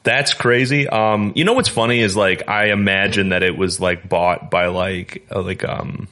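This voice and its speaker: A young man co-hosting a podcast in casual chat, excitable and laughing a lot, with plenty of filler words. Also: fairly low pitch, moderate pace. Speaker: podcast co-host.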